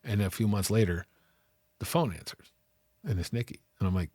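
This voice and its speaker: Husky low-voiced man telling his story. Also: fairly quick, no room sound, clean studio sound. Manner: animated, acts out quoted voices, frequent "right?" and "like". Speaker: interview guest. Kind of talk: candid storytelling interview.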